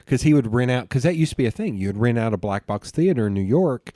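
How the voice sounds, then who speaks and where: A man hosting a casual podcast interview. He rambles excitedly from one tangent to the next. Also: mid-range voice, fast, no echo, studio quality. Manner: rambling, excitable storyteller who jumps between tangents. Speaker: podcast host.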